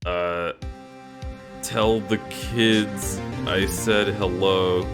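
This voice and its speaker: A man chats casually with his stream's viewers while playing a video game, joking and teasing them over the game music. He speaks in a deep, steady voice at an extremely slow pace.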